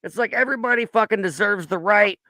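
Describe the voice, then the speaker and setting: A man's voice: high voice, fast talker, sharp tone, no echo, studio quality. A man co-hosting a casual podcast from the United States, ranting with heavy swearing and mimicking people in his stories. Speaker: podcast co-host. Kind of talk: crude casual chat.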